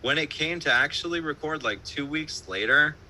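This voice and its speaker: A band musician with a fairly high, pushed and bright voice tells stories at a moderate pace in a casual interview over a remote live-stream call. He's loose and profane, full of fillers and laughter, and the low-quality recording carries slight background noise.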